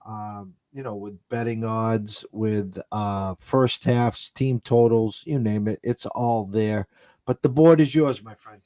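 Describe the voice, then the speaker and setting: Betting show host guy, warm dark voice, dry sarcastic delivery. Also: on the low side, slow pace. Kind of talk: casual sports betting chat.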